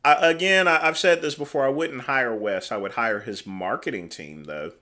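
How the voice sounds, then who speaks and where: Bright-voiced man with mocking commentary. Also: mid-range voice, moderate pace. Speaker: livestream host. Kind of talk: casual commentary.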